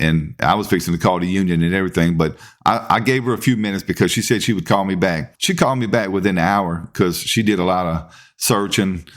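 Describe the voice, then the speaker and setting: A man, hosting a podcast and telling a work story in a casual, animated way, acting out what people said. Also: deep voice. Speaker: podcast host, police officer.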